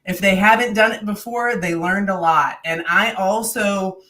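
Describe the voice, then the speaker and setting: A woman's voice: medium pitch, a little slow, sharp tone. A woman co-hosting a running podcast, telling stories in an upbeat, chatty way. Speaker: podcast co-host. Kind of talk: casual chat. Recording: voice a bit far from the mic.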